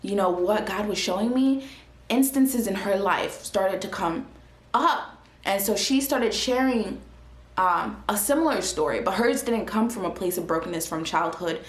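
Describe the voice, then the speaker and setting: A woman's voice: medium pitch, unhurried. Earnest young woman in a roomy space. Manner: earnest and animated, with frequent fillers and restarts. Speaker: vlogger sharing a faith testimony. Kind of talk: casual spoken testimony. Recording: roomy echo.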